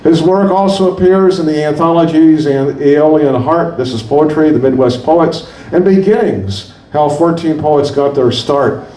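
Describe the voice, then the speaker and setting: A man's voice: on the high side, a little slow, mellow, roomy sound, recorded from a distance, low-quality recording. A man hosting a coffee shop poetry reading, introducing the poet informally and tripping over book titles. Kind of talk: event introduction.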